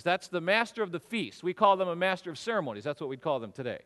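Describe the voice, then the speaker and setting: Animated high-voiced male preacher in a hall. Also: fairly quick. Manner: animated storytelling, acts out voices. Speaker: pastor. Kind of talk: sermon.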